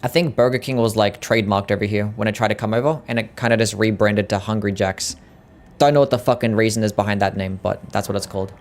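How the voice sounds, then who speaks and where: A young Australian man with a low, steady voice and an Australian accent streams a game, talking quickly. He's laid-back and swears as he chats casually with his viewers.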